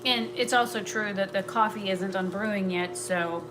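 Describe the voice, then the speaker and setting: A woman's voice: medium pitch, normal speed, music in the background. A young woman chatting casually during a live stream from her kitchen, rambling and going off on tangents. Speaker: vlogger. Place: home kitchen. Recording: home recording with clear background noise.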